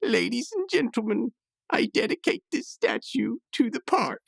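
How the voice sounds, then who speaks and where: A man voicing a cheerful, old-fashioned male cartoon gentleman in a high, formal way. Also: big pitch swings, unhurried, vocal fry, no room sound, exaggerated voice. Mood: proud, grateful.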